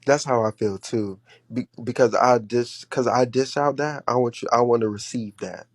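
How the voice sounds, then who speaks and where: A man's voice: mid-range voice, moderate pace, dry recording. A man in a casual chat, talking in an easygoing, agreeable way with loose phrasing.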